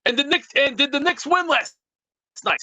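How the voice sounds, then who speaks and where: A man calling into a show, ranting in a brash, loud, rambling tough-guy bluster over lo-fi internet call audio. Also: very high-pitched, lively intonation, normal speed, no room sound. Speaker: show caller. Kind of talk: comedic call-in rant. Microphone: remote internet call.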